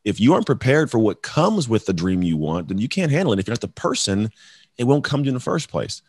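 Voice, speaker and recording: A man's voice: medium pitch, big pitch swings, fast talker, breathy edge, dry recording, clean studio sound. A man who works as a coach and speaker, talking emphatically as a guest and acting out conversations with his clients. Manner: emphatic, acts out client dialogues, calls people bro. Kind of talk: energetic motivational talk.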